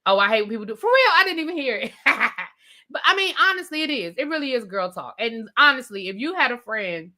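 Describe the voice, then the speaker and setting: A woman's voice: fairly high pitch, expressive, a little fast, sharp tone. Sassy DC-accented woman ranting live. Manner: chatty, reads and answers live chat, sassy slang. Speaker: host. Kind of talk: live TV review rant.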